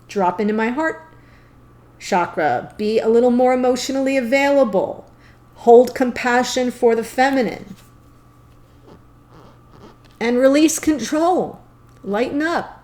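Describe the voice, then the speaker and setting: Female tarot reader, unhurried and giggly, a touch high-pitched. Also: a little mellow. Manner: playful, giggly and chatty. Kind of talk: tarot reading to camera.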